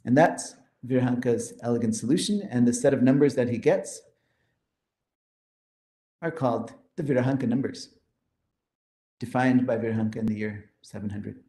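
A man's voice: medium pitch, normal speed, pauses often, dark tone, roomy sound. A man giving a mathematics conference lecture, explaining step by step with enthusiasm and often checking in with "right?".

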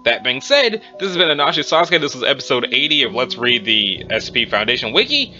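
A man's voice: medium pitch, very animated, brisk, sharp tone. A man, the host, reading horror entries aloud with chatty asides and a slightly strained throat. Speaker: reader and host. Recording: dull lo-fi with music behind.

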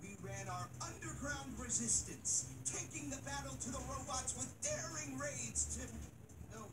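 A woman voicing a cheerful bat doll who narrates a game cutscene, with bright storybook delivery and playful asides. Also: high voice, measured pace, over loud music. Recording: game audio from a distance, noisy.

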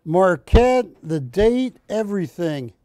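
High-voiced, joking TV sales host. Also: male voice, slow pace, dry recording. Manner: joking, animated, teasing co-hosts. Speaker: shopping channel host. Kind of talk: live sales pitch.

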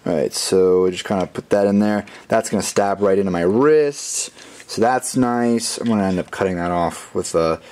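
A man building a gadget in his workshop, thinking out loud in a rambling, self-mocking way as he works. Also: low-pitched, moderate pace. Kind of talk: casual workshop vlog narration.

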